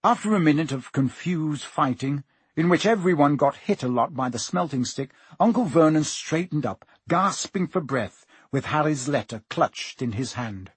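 A man narrating a storybook aloud in a steady reading voice. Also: fairly high pitch, moderate pace, breathy edge, dry recording. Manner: steady storytelling, voicing each character. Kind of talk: audiobook narration.

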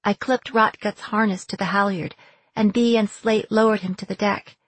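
A woman narrates a first-person adventure story with measured, even storytelling. Her voice carries a husky, breathy grain. The recording is dry and close, with no room sound. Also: mid-range voice, no room sound. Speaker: audiobook narrator.

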